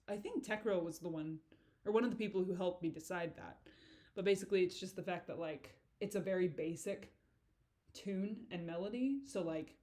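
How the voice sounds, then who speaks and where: A woman's voice: fairly low pitch, dark tone. Giggly, rambling woman doing commentary. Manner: giggly, rambling, swears freely. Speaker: creator giving director's commentary. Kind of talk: casual commentary.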